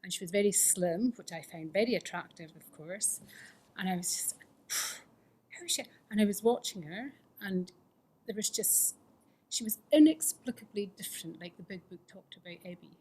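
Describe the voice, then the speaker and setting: A woman's voice: medium pitch, moderate pace, a little mellow, breathy edge. A middle-aged woman telling her own recovery story at a fellowship meeting, candid and self-mocking, often sinking into a whisper. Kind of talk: personal testimony talk.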